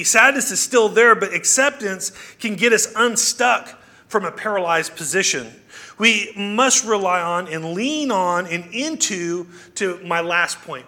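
Bright, high-voiced male preacher. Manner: conversational preaching with rhetorical questions. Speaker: pastor. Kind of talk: sermon.

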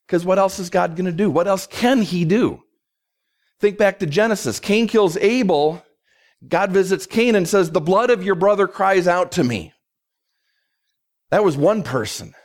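A man preaching an expository sermon in a conversational, emphatic way, slowing down to stress key words and briefly voicing quoted speakers. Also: high-pitched, expressive. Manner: voices God and others in quick asides. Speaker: pastor.

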